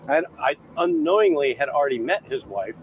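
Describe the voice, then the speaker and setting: A man's voice: mid-range voice, a little fast, dull audio. Chef guy telling stories at the dock, voice all over the place, bit of traffic noise. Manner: animated, acts out quoted voices. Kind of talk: casual storytelling chat. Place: outdoors by a boat dock.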